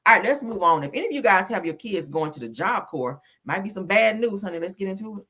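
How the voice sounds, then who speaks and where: Woman streamer, husky and lowish, very animated, blunt and emphatic, calls viewers honey. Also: fast talker. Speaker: commentary streamer host. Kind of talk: casual news commentary.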